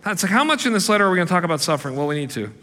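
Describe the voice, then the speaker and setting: A male pastor preaches with a bright, forceful voice pitched a little high. He talks in an animated, emphatic way and acts out the people he quotes. His voice rings through a hall with a long reverb. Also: rapid-fire. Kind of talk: sermon.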